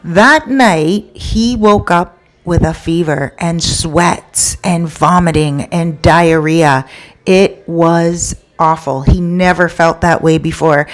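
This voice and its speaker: A woman's voice: fairly low pitch, a little slow. A woman telling a story in a casual, chatty way, with conversational asides to the listener.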